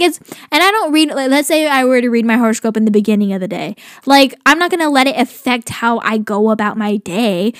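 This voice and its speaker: A young woman hosting a podcast in casual, rambling chat, full of "like" fillers and animated exasperation. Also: a little high, dry recording, studio quality. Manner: rambling, heavy use of "like" fillers. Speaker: podcast host.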